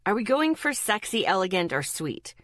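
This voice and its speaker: A woman's voice: mid-range voice, sing-song, normal speed, fairly bright tone, no echo, studio quality. A woman reading aloud as a cheerful, affectionate teenage boy who jokes easily. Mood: friendly. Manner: easygoing, joking.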